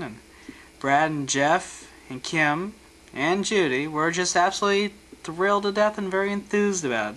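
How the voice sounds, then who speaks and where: A man's voice: fairly high pitch, pushed and bright, slight background noise, low-quality recording. A man narrating his family vacation photos, with dry, joking asides. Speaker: home video narrator.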